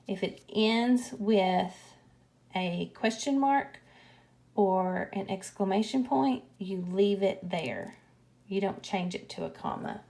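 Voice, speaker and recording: A woman teaching a grammar lesson, explaining punctuation slowly and patiently. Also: mid-range voice, vocal fry, darkish tone.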